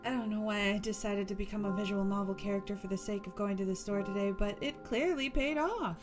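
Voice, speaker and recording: A woman's voice: mid-range voice, fairly quick, music in the background. A woman streamer reading a visual novel aloud while playing, playful and laughing often.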